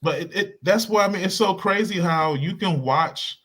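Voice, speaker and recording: A man co-hosting a casual panel chat, retelling events with lively, animated storytelling. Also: sits high, normal speed. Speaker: panel co-host.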